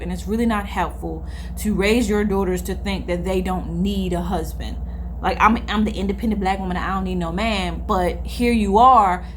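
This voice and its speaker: A young woman speaks, loose and confessional, as if talking straight to her followers. She rambles, doubles back and repeats herself, and sighs now and then. Her voice sits at a medium pitch. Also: slight background noise. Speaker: vlogger. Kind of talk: casual confessional chat to camera.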